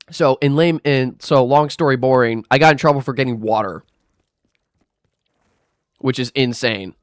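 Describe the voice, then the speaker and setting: A man's voice: mid-range voice, a little slow, long pauses, no echo, clean studio sound. A young man telling a rambling, aggrieved storytime rant while gaming, swearing and restarting his sentences often. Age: young adult. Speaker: gaming vlogger.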